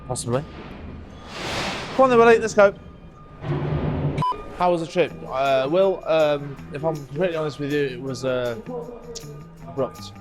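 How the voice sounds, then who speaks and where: A man with a fairly high, nasal and croaky voice that sounds permanently blocked up. He talks fast and jokes around as he hosts a scrapyard vlog outdoors. Music plays clearly under his voice. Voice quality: nasal, croaky, as if he had a cold. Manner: fast-talking, jokey. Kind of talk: casual chat.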